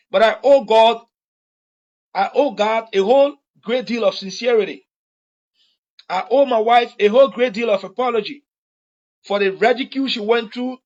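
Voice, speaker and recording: Former official, Liberian English accent, unusually high-pitched man, repetitive heartfelt apology, muffled lo-fi recording. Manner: earnest, repetitive, pleading. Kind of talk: public apology statement.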